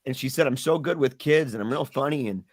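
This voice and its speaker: Earnest man telling a hard story. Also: medium pitch. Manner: earnest, halting, repeats words when moved. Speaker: podcast guest. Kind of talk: emotional personal storytelling.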